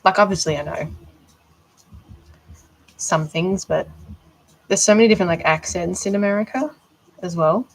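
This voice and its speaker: A woman's voice: lowish voice, normal speed, pauses often, poor audio. A young Australian woman chatting casually on a live stream while she builds art dolls, answering viewers' questions as she works.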